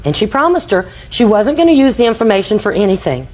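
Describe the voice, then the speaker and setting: A woman's voice: mid-range voice, sing-song, quick pace, darkish tone, rough recording. An older woman testifying in a TV courtroom, telling a rambling story and acting out quoted dialogue. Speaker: litigant.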